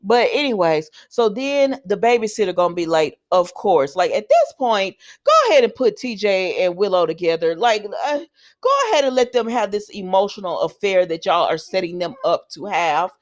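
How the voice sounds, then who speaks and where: A woman's voice: medium pitch, expressive, moderate pace, no echo, studio quality. A woman giving a casual, opinionated recap of a soap opera episode and talking straight to her viewers.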